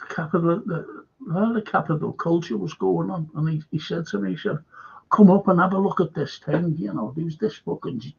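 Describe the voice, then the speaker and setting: A man's voice: fairly high pitch, vocal fry, breathy edge, dull audio. A man with a Liverpool accent hosting a live stream, telling a rambling story that is full of swearing and heated outbursts. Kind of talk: casual rant to a live stream.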